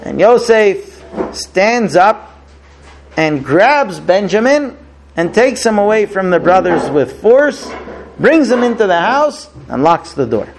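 A man casually retelling a scripture story as a teacher, animated, with fillers. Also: high voice, slow pace, noisy background.

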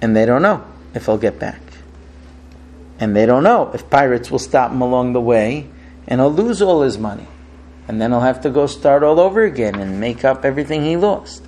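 High-voiced man telling a sermon parable. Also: a little mellow, poor audio. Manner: storytelling, acting out dialogue with rising emotion. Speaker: rabbi.

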